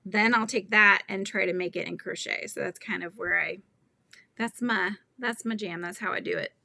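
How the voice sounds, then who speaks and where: A woman's voice: medium pitch, gravelly, pushed and bright, no echo. A middle-aged woman hosting a crochet livestream, chatting casually, giggling and reading the chat aloud.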